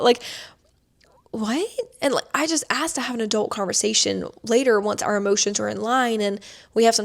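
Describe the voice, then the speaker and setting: A woman's voice: medium pitch, vocal fry. A woman in her twenties, seated indoors, tells a personal story to camera, filling her speech with "like". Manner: chatty, many filler "like"s. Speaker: vlogger.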